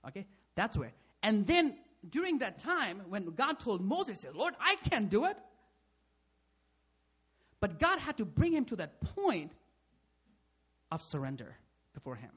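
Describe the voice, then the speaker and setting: A man preaching a sermon as a pastor, asking rhetorical questions, tagging lines with "right?", and swinging sharply between loud and soft. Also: high-pitched, wildly swooping pitch, moderate pace, slightly rough.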